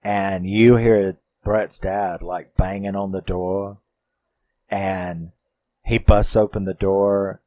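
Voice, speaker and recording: A man recapping a horror film in a casual, profane and animated way. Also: deep voice, slow pace, no room sound. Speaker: film reviewer.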